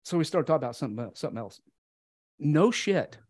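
A man's voice: fairly high pitch, very animated, fast talker, darkish tone, husky, dry recording, clean studio sound. A man guesting on a podcast, telling his story in a candid, earnest way and acting out the dialogue. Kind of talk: casual storytelling conversation.

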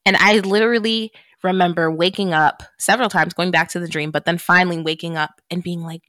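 A woman's voice: lowish voice, fairly even intonation, fairly quick, hardly any pauses, a bit bright, no room sound, clean studio sound. A woman hosting a podcast, chatting casually and telling a story with plenty of swearing and laughter. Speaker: podcast host. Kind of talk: casual chat.

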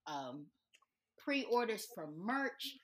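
A woman's voice: fairly high pitch, big pitch swings, drawn-out words. A woman hosting a podcast in casual chat, playful and joking as she reads out notes and teases her co-hosts. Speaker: podcast host.

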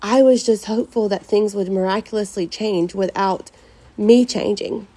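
A woman's voice: mid-range voice, fairly even intonation, moderate pace, mellow. A middle-aged woman, a podcast host talking earnestly and from the heart about faith to her listeners. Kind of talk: personal faith talk to listeners.

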